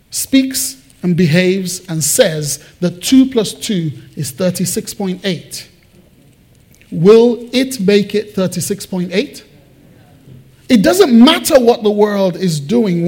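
A man preaching a sermon as pastor, asking the congregation questions and moving between loud emphasis and quiet personal confiding. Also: high voice.

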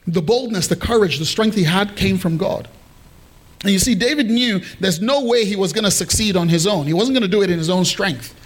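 Man, pastor, high-pitched, humorous sermon, call and response, live congregation. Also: fairly quick.

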